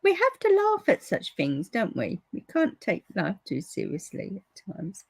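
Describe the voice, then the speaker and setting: A woman's voice: medium pitch, wildly swooping pitch, unhurried, husky, dry recording. A woman chatting casually to her viewers while she demonstrates colouring for a papercraft class. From United Kingdom. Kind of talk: casual live craft demonstration.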